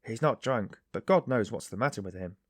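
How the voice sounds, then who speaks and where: Loud, uneasy older laborer, pitched up, dry sound; male reader. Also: lively intonation, a little fast, breathy edge, no room sound. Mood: complaining.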